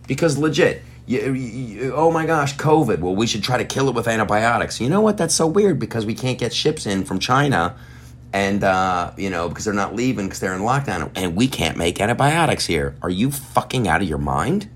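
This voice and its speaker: A man's voice: mid-range voice, big pitch swings, moderate pace, husky. A man hosting a podcast, delivering a heated, profane and sarcastic rant. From United States. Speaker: podcast host. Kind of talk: ranting podcast monologue.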